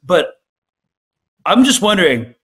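A man's voice: high voice, big pitch swings, takes it slowly, fairly bright tone, breathy edge. A man hosting a podcast, talking in a casual, hesitant way with many fillers. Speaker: podcast host. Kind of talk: casual discussion.

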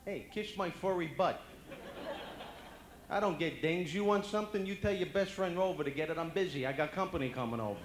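A man's voice: on the high side, a little fast, a little hiss or hum, voice pushed up, close to an everyday voice. A man voicing a haughty, tough-talking male cat with a Brooklyn accent, brash and dismissive. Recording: echoey banquet hall.

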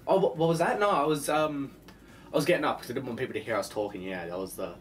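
A young man vlogging from his bedroom in a casual rambling monologue, animated, swearing a lot and acting out the voices of phone calls. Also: medium pitch, fast, slight background noise.

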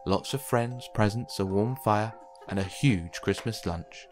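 A man reading a children's picture book aloud with gentle, expressive storytelling. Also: lowish voice, a little slow. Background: faint background music.

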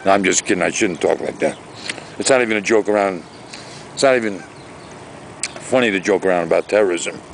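Man, gravelly voice, rambling outdoor vlogger, faint background noise. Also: low-pitched, normal speed, long pauses, fairly bright tone, rough recording. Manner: rambling, chatty, exaggerated rants. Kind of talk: casual vlog monologue. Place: outdoors by a lake, morning.

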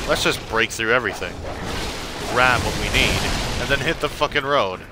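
A man's voice: medium pitch, moderate pace, pushed and bright, slight background noise. A man commentating his own gameplay, swearing and trash-talking the enemies with sarcastic jabs. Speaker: gamer playing a game.

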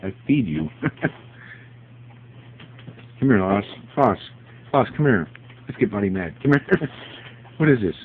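A man's voice: lowish voice, very animated, a little slow, pauses often. A man at home talks to his dogs in a playful, teasing baby-talk voice that swoops up and down. The sound is thin and tinny, like a phone camera, with a faint hiss behind him. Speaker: pet owner filming his dog. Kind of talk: casual home video talking to pets.

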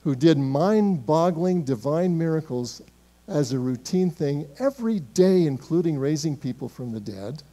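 Man preaching, mellow voice, emphatic, swings loud to hushed, church sermon. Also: on the high side, expressive, a little slow. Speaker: pastor. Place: church sanctuary.

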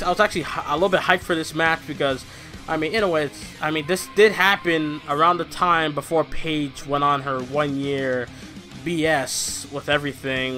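A man gives a loose, rambling review of wrestling shows, excitable and casually profane. His voice sits high and sounds bright and forceful. Faint music plays underneath. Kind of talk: casual commentary vlog.

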